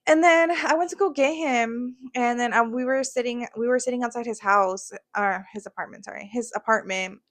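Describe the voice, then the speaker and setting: A young woman co-hosting a podcast, telling a story in fast, profane casual chat and switching into Spanish at times. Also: a little high, a bit bright. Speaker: podcast co-host.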